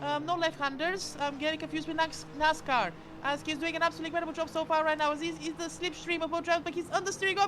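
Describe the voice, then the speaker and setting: A woman commentating a sim race live, excitable, often stumbling over words and correcting herself. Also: sits high, fast, few pauses. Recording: loud background noise.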